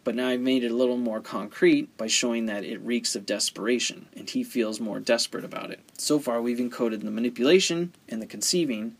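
A man teaching story structure in a conversational way, often asking rhetorical questions. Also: medium pitch. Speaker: writing teacher. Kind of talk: explaining story theory.

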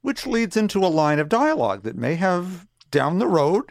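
A man co-hosting a podcast, recapping a comic in steady, detailed casual chat. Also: high voice, moderate pace, gravelly, a crowd in the background. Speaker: podcast co-host.

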